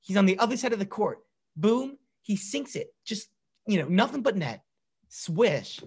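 A man co-hosting a casual sports podcast, excitable and prone to stammered restarts. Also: high-pitched, normal speed, breathy edge. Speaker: podcast co-host.

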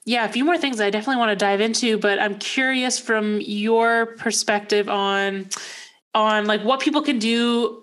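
A chatty woman interviews a guest in a casual conversation. She builds her questions with hesitant phrasing and starts over now and then, and her voice sits at an ordinary pitch for a woman. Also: fairly even intonation, normal speed, a bit bright.

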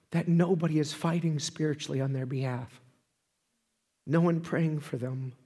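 Male preacher, high voice, animated storyteller swinging loud to hushed; reverberant hall sound. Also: husky. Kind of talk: sermon.

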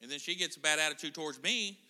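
A man's voice: a little high, fast talker, sharp tone. A middle-aged man preaching a casual sermon in a church, chatting and joking with the congregation. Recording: church hall reverb.

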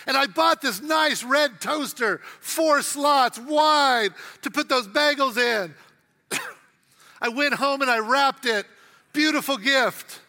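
A man's voice: extremely high pitch, slow, bright, forceful tone, long reverb tail. A middle-aged man preaching a sermon with humor, acting out quotes while telling stories. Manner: humorous storytelling with acted quotes. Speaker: pastor.

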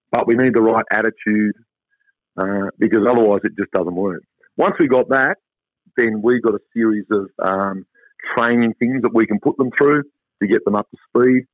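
An Australian man talks through a tinny, phone-like line. His delivery is relaxed and chatty, with an upbeat lift as he explains things. The sound is dry and close. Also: mid-range voice, no room sound. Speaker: travel company guest. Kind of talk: phone interview.

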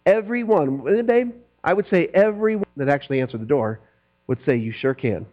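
A middle-aged male pastor preaches with a high, lively voice, jumping from loud emphatic lines to quiet asides. The recording is dull and lo-fi with a steady mains hum underneath. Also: brisk. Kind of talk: sermon.

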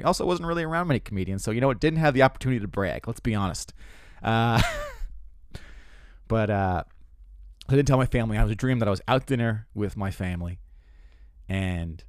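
A man's voice: lowish voice, a little mellow, clean tone, no echo, clean studio sound. A man in his twenties, a comedian and host, telling stories in a rambling, profane, self-mocking way, full of restarts. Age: 20s. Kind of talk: casual comedic monologue.

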